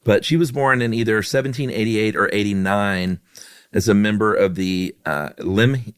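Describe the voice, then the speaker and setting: A man co-hosting a podcast in casual chat, relaxed and self-deprecating with many fillers. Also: fairly low pitch, moderate pace, smooth, no echo, clean studio sound. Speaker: podcast co-host.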